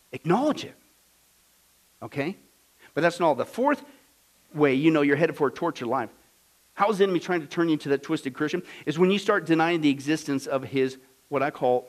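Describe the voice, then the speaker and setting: A man preaching a sermon, fiery and emphatic, swinging from loud declarations to hushed storytelling. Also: on the high side, low-quality recording.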